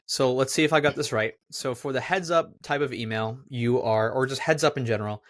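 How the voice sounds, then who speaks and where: A man's voice: mid-range voice, fairly quick. A man hosting a casual podcast interview. He sums up his guest's advice to check that he understood it. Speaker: host.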